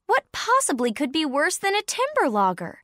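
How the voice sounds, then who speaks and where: A woman's voice: high voice, wildly swooping pitch, moderate pace, pushed and bright, no room sound, studio quality, pitched above the performer's own voice, exaggerated voice. A woman voicing a fussy mother pine tree with prim, old-fashioned genteel phrasing.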